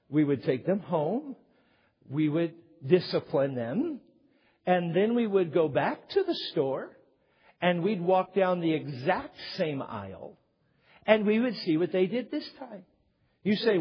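Lively, joking man preaching. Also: on the high side, slightly rough. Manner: animated, joking storyteller; acts out quoted voices. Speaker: pastor. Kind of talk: sermon. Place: church sanctuary. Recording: dull lo-fi recording in reverberant hall.

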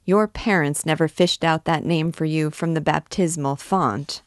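A woman's voice: low-pitched, a little slow, no echo, clean studio sound. A woman reading the part of a fussy, indignant older noble lady, with haughty exclamations.

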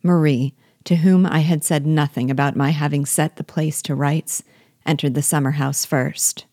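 A woman reading a novel aloud as host, with measured, clear storytelling. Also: sits low, steady tone, dark tone, dry recording, studio quality. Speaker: reader and teacher.

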